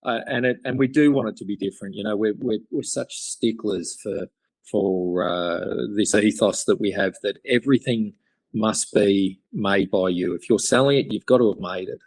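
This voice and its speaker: A man's voice: fairly low pitch, normal speed, a little mellow, dry recording, poor audio. Rambling, enthusiastic Australian man. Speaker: podcast guest, craftsman. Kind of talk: casual interview chat.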